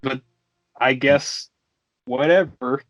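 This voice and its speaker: A man's voice: medium pitch, slow, muffled recording. A man co-hosting a casual podcast, recapping a film with jokes and plenty of swearing. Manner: joking, profane, acts out scenes. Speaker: podcast co-host. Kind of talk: casual movie recap chat.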